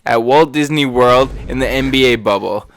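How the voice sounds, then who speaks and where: A man's voice: mid-range voice, normal speed. A man co-hosting a podcast, reading a news story aloud to friends and steering the chat back on topic. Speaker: podcast co-host.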